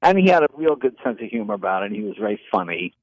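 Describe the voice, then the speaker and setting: An older man with a gravelly, creaky voice tells show-business stories in an interview. He acts out the other people in them as he goes. The sound is dry and a bit dull, like a lo-fi recording. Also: fairly low pitch, very fast, dry recording. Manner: animated anecdotes with quoted voices. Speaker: comedian and former talk show host. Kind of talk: storytelling interview.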